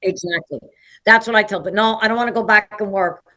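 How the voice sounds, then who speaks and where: A woman's voice: medium pitch, fairly quick. A woman in her sixties from New Jersey with a New Jersey and New York City accent, chatting as an interview guest and telling stories. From New Jersey, USA. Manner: chatty, animated storytelling with many "okay?" asides. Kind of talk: casual interview chat.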